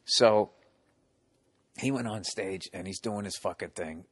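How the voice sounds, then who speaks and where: A man's voice: fairly low pitch, a little slow, husky. A man in his forties with a Boston accent, telling stand-up stories in casual chat, swearing a lot and acting out the people in them. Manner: animated storyteller, profane, acts out yelling hecklers. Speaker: stand-up comedian telling a story.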